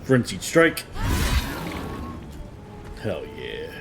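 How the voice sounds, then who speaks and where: Low-voiced, unhurried man narrating his game. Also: huge pitch swings, gravelly. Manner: laid-back, talks himself through each move. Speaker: streamer. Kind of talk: let's-play commentary. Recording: game music loud behind voice.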